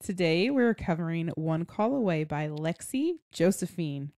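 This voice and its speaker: A woman's voice: on the low side, animated, a little slow, darkish tone, no room sound, clean studio sound. Chatty giggly young woman podcast host. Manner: chatty and giggly, leads the summary. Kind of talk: casual book-review chat.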